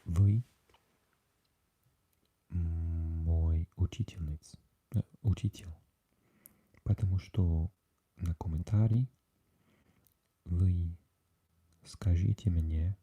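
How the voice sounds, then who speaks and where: A Welsh man hosting a whispered ASMR live chat, talking softly and haltingly with lots of fillers as he answers viewers. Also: low voice, fairly even intonation, breathy edge. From Wales. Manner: soft and halting, with many fillers, chatting with viewers. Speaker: ASMR livestream host.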